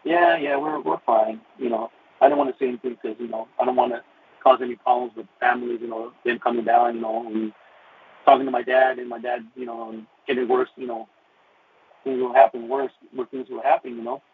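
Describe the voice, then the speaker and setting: A man with a gravelly, creaky voice recounts his faith testimony in an earnest, halting way, restarting phrases often. The sound is thin and phone-like, as on a radio call-in line, with a faint hiss underneath. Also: mid-range voice. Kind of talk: personal testimony storytelling. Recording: tinny phone-like radio recording with faint noise.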